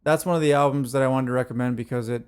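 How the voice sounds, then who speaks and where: A man co-hosting a music podcast in casual, relaxed chat. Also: mid-range voice, very fast, clear, resonant tone. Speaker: podcast co-host.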